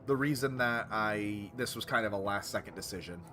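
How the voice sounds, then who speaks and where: A man's voice: on the low side, fairly quick, sharp tone, soft background music. A man streaming a game, chatting casually with his viewers, correcting himself and reacting to their comments.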